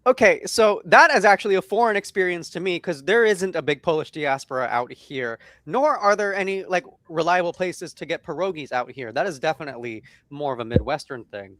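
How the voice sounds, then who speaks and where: Male co-host, casual chat, slightly hoarse, higher-pitched, dry close mic. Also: a bit bright, no echo. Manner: chatty, rambling, quick laughs.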